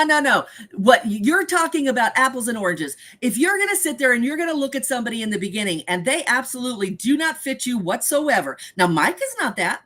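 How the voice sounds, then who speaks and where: A woman's voice: on the high side, fairly bright tone. A woman hosting a live podcast chat who speaks bluntly and emphatically about dating. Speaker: host.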